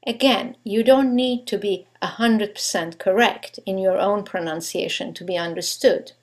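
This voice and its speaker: A woman giving a scripted English pronunciation lesson, stressing each example word with care. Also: mid-range voice. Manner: slow, deliberate, stresses example words. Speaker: English teacher.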